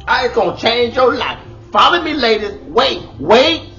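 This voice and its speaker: A man's voice: extremely high pitch, big pitch swings, moderate pace, bright, forceful tone, lo-fi sound, soft background music. A middle-aged man, doing a comedic monologue of relationship advice, exclaiming and hamming it up in a bold persona.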